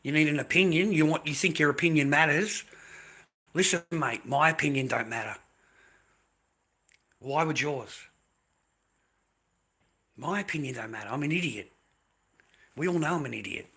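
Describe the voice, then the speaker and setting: A man's voice: on the high side, sharp tone, a little hiss or hum. A middle-aged Australian man ranting bluntly to his livestream chat, swearing freely as he rambles.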